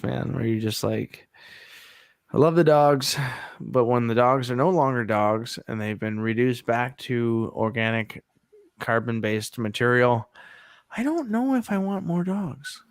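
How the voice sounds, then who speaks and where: A man's voice: mid-range voice, steady tone, takes it slowly, gravelly, pauses often, no echo. A man in his thirties telling a long rambling story in a casual podcast chat, laughing often. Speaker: podcast co-host.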